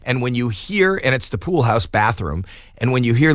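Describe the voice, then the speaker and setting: Animated storytelling man in his 60s. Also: medium pitch, brisk, no room sound, studio quality. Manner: animated, acts out quoted voices. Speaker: guest. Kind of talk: comic storytelling.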